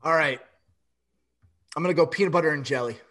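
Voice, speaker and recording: A man in casual group banter, easygoing and low-key. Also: fast talker, fairly bright tone.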